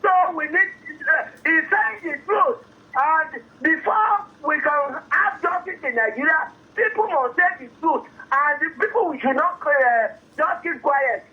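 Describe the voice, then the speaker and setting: A man calling in to a radio show, speaking earnestly and haltingly with many restarts. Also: very high voice, expressive. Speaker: caller. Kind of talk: phone-in call. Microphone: telephone. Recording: narrow tinny phone line.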